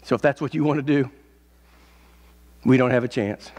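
A man preaching voices a frightened, weary King Saul, speaking low and dragging. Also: fairly even intonation, moderate pace, darkish tone, lightly acted. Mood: despairing. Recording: echoey church hall.

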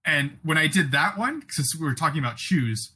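A man co-hosting a podcast, telling a sports story in an animated, excitable way. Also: on the high side, moderate pace, husky. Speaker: podcast co-host. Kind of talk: casual chat.

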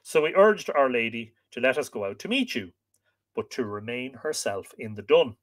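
A man's voice: mid-range voice, animated, moderate pace, close to an everyday voice. A man voicing a frightened, humble male servant in a read-aloud myth, in a pleading delivery. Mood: fearful.

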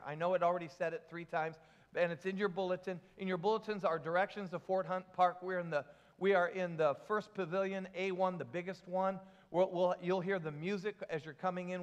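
A man's voice: high-pitched, in a large hall. A man preaching a sermon as pastor, joking and asking the congregation questions. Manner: jokey, asks the congregation questions.

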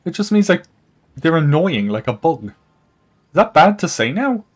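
Young guy on a game stream, rambly and chatty, voice jumps up high when he reacts, laughs a lot. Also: normal speed, husky. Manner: animated pitch jumps, laughs often. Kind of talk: casual live-stream chat while gaming.

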